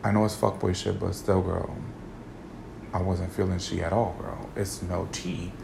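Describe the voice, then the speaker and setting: A man's voice: deep voice, little pitch movement, moderate pace, vocal fry, noisy background. A man hosting a podcast, telling a personal story in a sassy, slang-heavy casual monologue. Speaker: podcast host.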